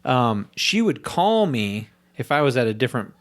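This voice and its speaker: On a casual podcast, the male host tells a story packed with swearing, acting out what other people said. His mid-range voice is very animated at a normal speed, and he has a young daughter.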